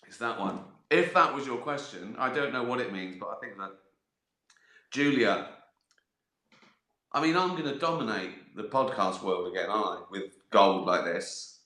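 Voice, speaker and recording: A man's voice: on the low side, animated, moderate pace, sharp tone. A man chatting casually on a live stream, answering viewer questions in a rambling way, swearing and laughing at his own jokes. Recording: echoey room.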